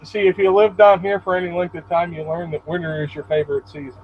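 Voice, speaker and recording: A man's voice: sits high, little pitch movement, quick pace. A man chatting as a guest on a stream, laid-back and profane, often stammering on his first words. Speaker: call-in guest. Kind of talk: casual chat. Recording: muffled call audio with faint air-conditioner hum.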